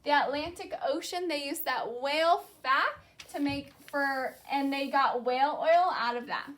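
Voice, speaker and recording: A young woman teaching a class, her voice high and bright. She talks slowly and clearly and repeats each key word so the students can echo it back. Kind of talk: classroom lesson with call-and-response.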